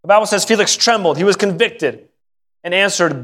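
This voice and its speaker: High-voiced man preaching animatedly. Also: lively intonation, brisk, a bit bright. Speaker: pastor. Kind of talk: sermon. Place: church sanctuary.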